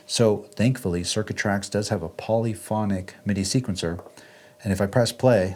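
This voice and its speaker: Chatty low-voiced man demoing synth gear. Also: normal speed. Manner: relaxed, chatty, says "right?" often. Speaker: music gear video host. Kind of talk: casual gear walkthrough. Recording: faint synth music underneath.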